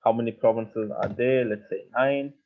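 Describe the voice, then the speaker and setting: A man's voice: mid-range voice, steady tone, moderate pace, heavy background noise. A man teaches a live online coding lesson, explaining patiently step by step and often repeating himself. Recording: tinny phone-like audio.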